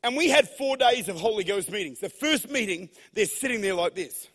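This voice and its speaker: High-voiced preacher in an echoing hall. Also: male voice, a little fast, hardly any pauses, breathy edge. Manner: animated storyteller who swings from hushed to shouting. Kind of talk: sermon. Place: large church hall. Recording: long hall reverb.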